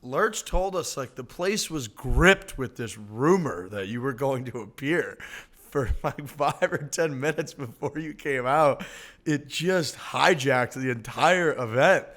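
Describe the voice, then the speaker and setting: A man on a podcast mostly chimes in with short, hyped-up remarks. His tone is bright and forceful, at an ordinary middle pitch. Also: animated, measured pace. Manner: brief hype interjections. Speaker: podcast co-host. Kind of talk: casual chat.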